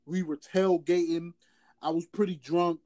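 A man's voice: fairly high pitch, steady tone, measured pace, warm tone. A man co-hosting a casual sports chat, emphatic and repetitive, stammering as he starts his sentences. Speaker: podcast co-host.

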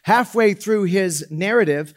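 Male pastor, relaxed conversational sermon, lots of restarts, slightly higher voice. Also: measured pace. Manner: conversational, loose, full of fillers and restarts. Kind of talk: casual sermon.

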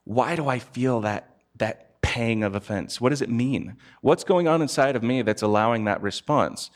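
A man's voice: mid-range voice, normal speed. A man giving a conversational sermon, telling personal stories candidly. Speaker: preacher.

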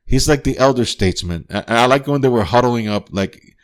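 A man at medium pitch speaks a little fast and with lots of expression. He's a podcast host reviewing a film in loose, profane chat riddled with fillers and restarts, laughing often and clearly enthusiastic in this casual spoken review.

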